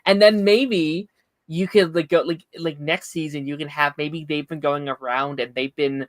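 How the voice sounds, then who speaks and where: A man chatting casually on a stream, pitching ideas in a laid-back way. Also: steady tone, moderate pace, dry recording. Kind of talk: casual chat.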